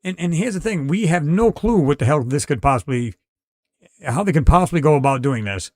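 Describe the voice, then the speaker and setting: A middle-aged man with a slightly high voice hosts a live podcast. He rambles casually, restarts sentences and talks straight to his viewers. The sound is close and dry, with no room echo. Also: lively intonation, a little fast. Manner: rambling, conversational, many restarts and fillers. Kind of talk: casual live-stream chat reading viewer comments.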